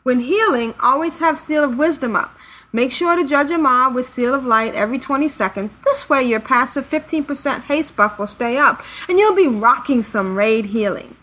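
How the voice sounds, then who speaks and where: A woman's voice: high-pitched, lively intonation, moderate pace, fairly bright tone, poor audio. A woman co-hosting a gaming podcast, reading listener emails in an easygoing, laughing manner. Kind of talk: casual podcast chat.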